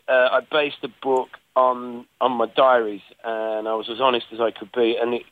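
A man, a musician guest chatting casually in an interview, rambling with halting restarts. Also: mid-range voice, no echo. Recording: tinny phone line.

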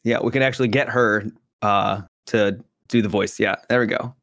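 A man's voice: fairly low pitch, fairly even intonation, normal speed, a bit bright. A man co-hosting a podcast, chatting casually with dry, teasing remarks. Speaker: podcast co-host.

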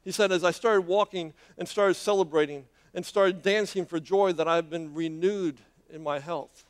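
Male preacher, high voice, dramatic storytelling sermon, halting delivery with repeats and fillers. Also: steady tone. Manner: dramatic, with many hesitations and repeated words.

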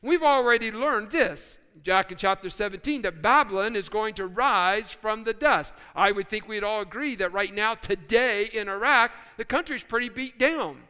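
A man preaching a sermon as pastor, animated and storytelling, sometimes putting on voices for quoted people. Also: high-pitched, normal speed, hardly any pauses, clear, resonant tone, big-room sound. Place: church sanctuary.

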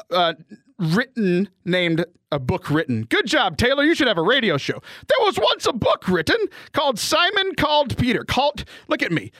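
A man's voice: high-pitched, bright, forceful tone, dry recording. A man co-hosting a podcast in casual chat, self-deprecating and laughing often, talking over a remote call while he has bronchitis. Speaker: podcast co-host. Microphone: remote call mic.

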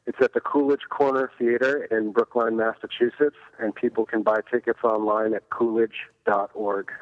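A man calling in to a radio show, relaxed and informative as he explains an event. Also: mid-range voice, moderate pace, dry recording. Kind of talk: casual phone call-in. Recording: dull phone-line sound.

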